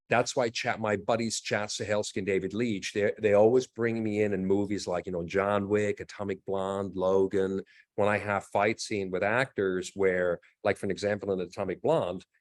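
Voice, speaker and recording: A middle-aged man speaking in a fairly low voice as an interview guest. He tells his stories with energy and jumps into other people's lines as he quotes them. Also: normal speed. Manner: animated storyteller, acts out quotes. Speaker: actor and fight coordinator guest. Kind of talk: casual interview storytelling.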